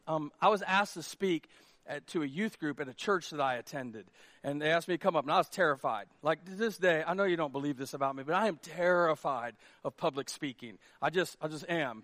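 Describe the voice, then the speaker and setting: A man preaching a sermon as pastor, lively and self-mocking, often acting out quotes. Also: on the high side, no echo, studio quality. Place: church worship hall.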